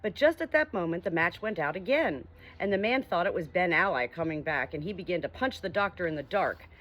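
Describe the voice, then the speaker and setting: A woman reading a children's story aloud with gentle, expressive narration. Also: on the low side, fairly quick. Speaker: audiobook reader.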